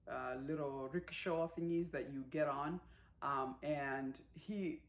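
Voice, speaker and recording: A woman giving a casual movie recap, chatty and animated, with lots of fillers and acted-out quotes. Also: low-pitched. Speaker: movie reviewer.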